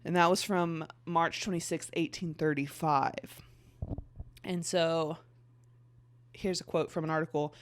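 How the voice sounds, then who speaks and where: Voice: mid-range voice, fairly even intonation, unhurried, long pauses, a little hiss or hum. A young adult podcast host in casual chat, reading passages aloud, often stumbling and restarting and dropping in a lot of "like.".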